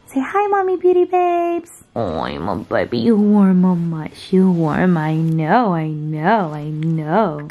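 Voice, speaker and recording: A woman's voice: low voice, sing-song, slow, few pauses, narrow, tinny audio. A young woman cooing sing-song baby talk to her dog. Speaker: vlogger.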